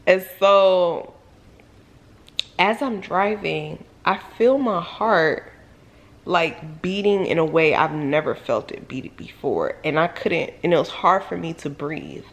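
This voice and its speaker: A woman vlogger telling a personal story in a casual storytime monologue, full of "like"s and sudden high, loud exclamations. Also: takes it slowly. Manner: animated, filler-heavy retelling with many "like"s.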